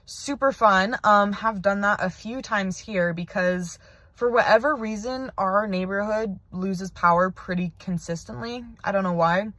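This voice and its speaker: A woman's voice: medium pitch, measured pace, a bit bright, no echo. A teenage girl records a casual video message from her parked car, rambling and chatty with plenty of "like.". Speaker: video pen pal.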